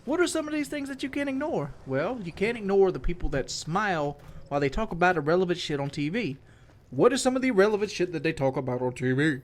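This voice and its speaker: A man's voice: high voice, big pitch swings, quick pace. Young man ranting crudely over game commentary. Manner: crude, joking rant with mocking impressions. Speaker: gaming commentator. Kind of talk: video game commentary monologue.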